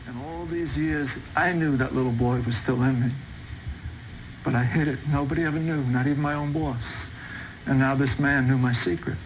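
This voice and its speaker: A man's voice: medium pitch, slight background noise, poor audio. A man with a Brooklyn New York accent telling his life story as a dramatic testimony, acting out tense confrontations. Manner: intense, acts out tense confrontations. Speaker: testimony speaker.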